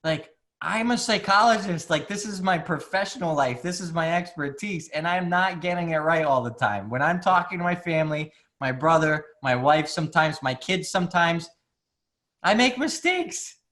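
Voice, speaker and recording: A man's voice: fairly high pitch, normal speed, few pauses, a bit bright. Candid man talking casually as guest. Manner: candid, many fillers and restarts. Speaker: psychologist guest. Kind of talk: casual conversation.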